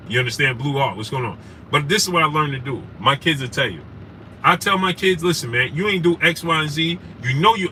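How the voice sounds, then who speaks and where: A man hosting a casual sports live stream, talking with passion, greeting viewers by name and often asking "right?". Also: medium pitch. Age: adult with wife and kids. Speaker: sports show host. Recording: distant mic with clear background noise.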